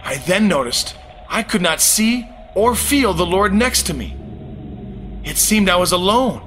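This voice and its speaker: A man recounting a spiritual testimony in an earnest, dramatic voice that sits high and swings widely in pitch. He speaks slowly, with a bright tone. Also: sing-song, a little hiss or hum. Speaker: testimony narrator. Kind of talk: first-person spiritual testimony.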